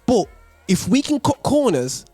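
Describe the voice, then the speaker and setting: A man's voice: very high-pitched, measured pace, soft background music. Chatty male host. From West Midlands, England. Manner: animated, chatty, lots of fillers. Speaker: radio host. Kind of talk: casual chat.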